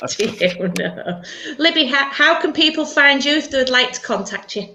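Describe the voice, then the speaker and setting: A middle-aged woman from England hosting a live church stream, chatty and quick to laugh. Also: high-pitched, lively intonation, pushed and bright. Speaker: church service host. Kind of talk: casual live-stream chat.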